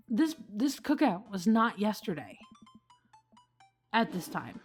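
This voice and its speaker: A woman narrates a dating game she is playing, moving between reading and her own chatty, playful remarks. Her voice sits in a middle pitch and stays relaxed and conversational throughout. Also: slow, pauses often, soft background music. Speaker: let's play gamer. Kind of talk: casual gameplay commentary.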